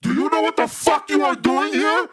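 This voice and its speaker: A man's voice: extremely high pitch, lively intonation, normal speed, loud music behind the voice, pitched above the performer's own voice. A man voicing a pushy male phone scammer who repeats stiff, formal lines. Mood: angry. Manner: formal, repetitive phrasing.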